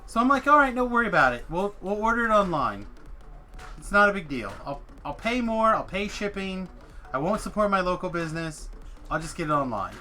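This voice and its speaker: A man's voice: high voice, big pitch swings, moderate pace, sharp tone, soft background music. A man streaming a game, telling a story in casual chat, swearing freely and acting out the people he quotes. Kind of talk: casual storytelling while gaming.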